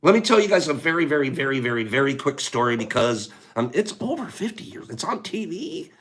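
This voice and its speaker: A man hosting a casual livestream, chatting to viewers in an animated way and laughing often. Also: a little high, fairly quick. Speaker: livestream host.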